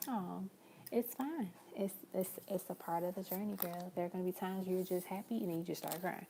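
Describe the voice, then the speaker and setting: A young woman reads tarot on a live stream in a low, gravelly voice with a mellow, dark tone. She chats casually and affectionately, calling the viewer girl and love, over a faint hum in the background. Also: brisk. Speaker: tarot reader.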